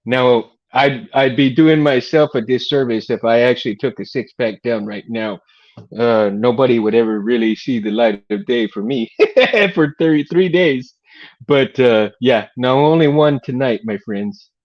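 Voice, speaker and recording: A middle-aged man from Texas talks casually to his livestream chat, loose and rambling, with frequent laughs and "man" and "dude" thrown in. His pitch sits right in the middle for a man. The audio is a little dull and lo-fi. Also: unhurried. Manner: laid-back, rambling, laughs often, says "man" and "dude". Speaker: livestream host.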